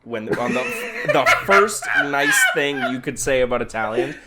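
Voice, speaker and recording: A man's voice: mid-range voice, big pitch swings, unhurried, heavy background noise. A man co-hosting a podcast in casual chat, teasing his partner in a dry way. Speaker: podcast co-host.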